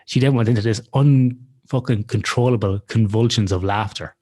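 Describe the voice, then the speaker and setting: Brief: man, low voice, loose profane storytelling for a podcast. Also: normal speed, mellow. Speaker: podcast co-host. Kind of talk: casual storytelling chat.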